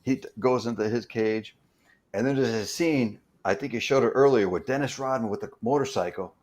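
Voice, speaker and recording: A middle-aged man spins a casual, rambling tale as an interview guest, tripping over and repeating his words. His voice sits at an ordinary middle pitch. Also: fairly quick, a little mellow. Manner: rambling, repeats words, acts out quoted dialogue. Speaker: stunt performer guest. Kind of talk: casual anecdotal storytelling.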